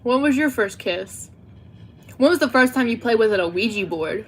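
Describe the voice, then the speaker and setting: Teenage girl, Southern US accent, slightly high, chatty livestream host, giggles often, faint noise behind. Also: expressive, moderate pace. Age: teens. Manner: chatty, giggly, talks to chat. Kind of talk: casual livestream chat.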